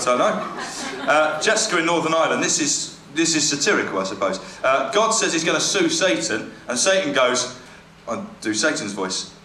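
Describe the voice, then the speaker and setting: A man doing stand-up, reading jokes aloud in a dry, hesitant way with ums and trailing asides. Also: medium pitch. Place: comedy venue stage. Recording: echoey room with background noise. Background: audience laughter.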